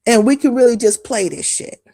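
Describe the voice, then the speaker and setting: A woman on a live stream tears into her critics in a heated rant, cursing freely and mocking them. Her voice sits a little high. The sound is close and dry, with no room around it. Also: moderate pace, warm tone, no room sound. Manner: confrontational, profane, mocking.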